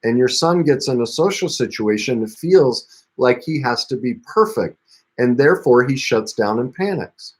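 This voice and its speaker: A man's voice: animated, moderate pace, breathy edge. A man, a parenting coach, telling the story of a client session and acting out both sides of the dialogue. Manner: retells dialogue, rising in pitch when quoting himself. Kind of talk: storytelling talk about a client case.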